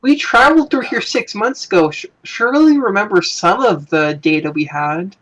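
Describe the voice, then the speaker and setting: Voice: mid-range voice, moderate pace, fairly bright tone, dull audio. A player in a tabletop game, asking curious questions in casual chat.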